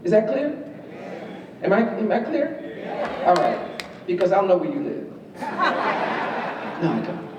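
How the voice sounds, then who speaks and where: A woman's voice: mid-range voice, measured pace, long pauses, highs cut off, over a noisy crowd. Wry woman speaker in an echoey hall. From New York. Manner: lively, wry, teasing the audience with questions. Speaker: guest speaker. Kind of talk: university lecture to students. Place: large lecture hall. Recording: echoey hall from far off, faint room noise.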